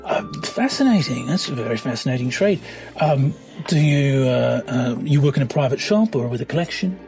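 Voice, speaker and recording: Chatty gravelly guy playing a tabletop game, voice jumps around. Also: mid-range voice, expressive, moderate pace, a little mellow, soft background music. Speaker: tabletop player. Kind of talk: casual in-character play.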